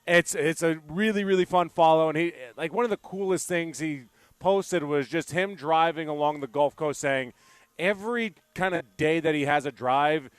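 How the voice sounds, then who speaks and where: A male sports radio host chatting live from a remote event, rambling animatedly from story to story. His voice is smooth and clear and sits slightly high, with a dry, close sound. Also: normal speed, dry recording. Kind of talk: casual on-air chat. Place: live remote broadcast at a park venue.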